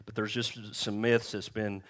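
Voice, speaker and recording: A man's voice: lowish voice, level tone, measured pace, fairly bright tone. A middle-aged man preaching a sermon in a church, casual and joking, asking the congregation questions as he goes. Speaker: pastor. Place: church sanctuary.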